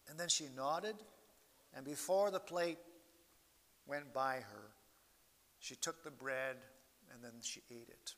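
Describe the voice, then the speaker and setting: A man preaching a sermon as pastor, slow and earnest, his voice swelling and falling in loudness as he stresses each point. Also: mid-range voice. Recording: long hall reverb.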